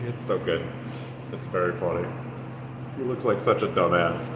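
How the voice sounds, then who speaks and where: A man's voice: sits low, moderate pace. A man streaming live from his apartment, rambling in casual chatter and teasing his chat. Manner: rambling, teasing, mock-taunting. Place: apartment room. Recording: echoey room with air-conditioner hum.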